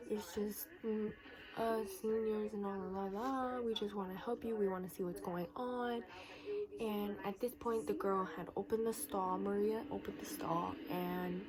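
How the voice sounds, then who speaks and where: A woman's voice: mid-range voice, low-quality recording. A teenage girl retelling a school confrontation as a vlog storytime, acting out the quoted lines. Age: teens. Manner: animated retelling, acts out quoted dialogue. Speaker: vlogger.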